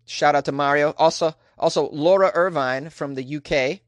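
A man's voice: on the high side, moderate pace, no room sound. A man hosting a comedic news podcast, joking and rambling in a self-deprecating way. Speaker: podcast host.

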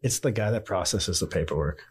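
A man's voice: low voice, a little fast, slightly rough. A young man casually telling a story, acting out the quotes as he goes. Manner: animated anecdotes with acted-out quotes. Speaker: podcast guest, former Marine.

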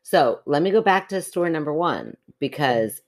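A woman's voice: low voice, lively intonation, normal speed, darkish tone. A woman co-hosting a podcast, a wry skeptic offering plain explanations in casual chat.

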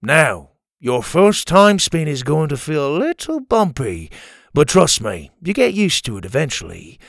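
A man's voice: a little high, sing-song, unhurried, gravelly, fairly bright tone, no room sound, clean studio sound, full character voice. A man doing a bold musketeer barking orders. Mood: steady warning. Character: bold male musketeer time-traveler, commanding.

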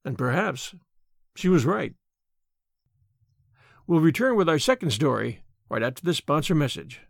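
Man, storyteller, expressive, lively, dry close mic. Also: on the high side, unhurried, gravelly, dry recording. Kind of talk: scripted audiobook narration.

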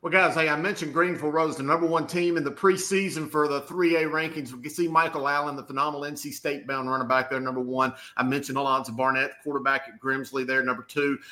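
A man, rattling off high school football rankings with energy as the show's analyst. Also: fast talker, few pauses. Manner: energetic, rattles off team names. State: out of breath. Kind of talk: excited sports talk.

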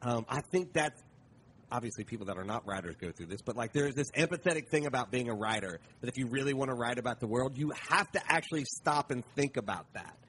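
A male podcast host talks in a reflective, casual way and keeps affirming his guest. His pitch sits in a middle range, with faint background noise. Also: expressive, quick pace, a bit bright. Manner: reflective, frequent agreeing backchannels. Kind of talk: casual interview conversation.

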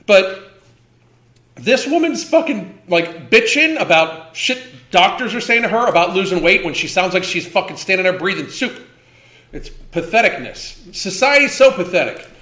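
Man, 50s, host ranting on a livestream: high, bright, swears constantly, repeats himself for emphasis, echoey room. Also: sing-song, normal speed. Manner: profane, heated, emphatic repetition.

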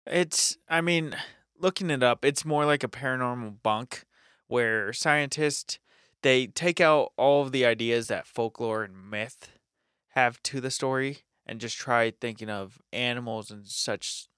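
A blunt man who coaches teenagers, chatting on a podcast with friends. His pitch is middling. The sound is dry and close. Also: measured pace, fairly bright tone, clean tone, no echo. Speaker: youth coach and podcast co-host. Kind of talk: casual podcast chat.

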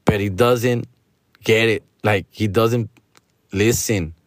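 A man's voice: lowish voice, fairly even intonation, slow pace, no room sound, clean studio sound. A man hosting a podcast, telling a story as a casual rant, profane and slangy, mixing in Spanish. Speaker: podcast host.

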